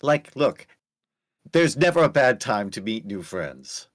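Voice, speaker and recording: A man playing a tabletop game in character, playful and expressive. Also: on the low side, a little slow, no room sound, studio quality. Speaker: player. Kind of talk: casual tabletop role-play.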